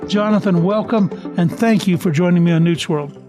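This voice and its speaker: A male podcast host with a noticeably high speaking voice talks in a measured, deliberate way, weaving in personal asides. Soft music sits faintly underneath. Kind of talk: conversational interview hosting.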